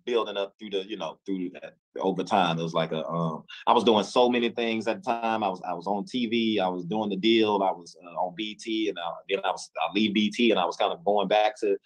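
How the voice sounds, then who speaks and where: A man from Memphis, telling his story as an interview guest, acting out dialogue with halting restarts. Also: sits low, steady tone, low-quality recording. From Memphis, USA. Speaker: interview guest, music executive.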